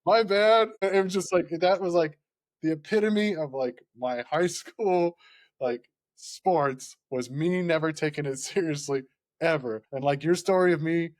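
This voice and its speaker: A man's voice: a little high, a little slow, a little mellow, dry recording, clean studio sound. A man chatting casually on a podcast, rambling and often laughing, with lots of "like" in his speech. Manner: rambling and laughing, heavy use of "like".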